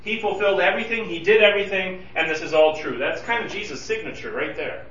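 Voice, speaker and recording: High, bright-voiced pastor teaching in a roomy hall. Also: male voice, quick pace, slight background noise. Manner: animated, acts out quoted pleas with rising urgency. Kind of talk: Bible study teaching. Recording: distant, roomy, slightly dull recording.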